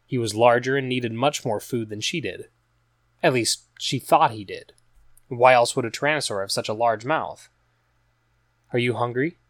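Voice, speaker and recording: A man reading a story aloud as a narrator, in an even, measured storytelling manner. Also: mid-range voice, no room sound, studio quality. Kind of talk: scripted audiobook narration.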